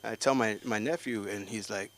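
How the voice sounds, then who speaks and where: A middle-aged man doing a stand-up set at a comedy open mic, telling stories and jumping into high voices for other people. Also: normal speed. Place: comedy club stage.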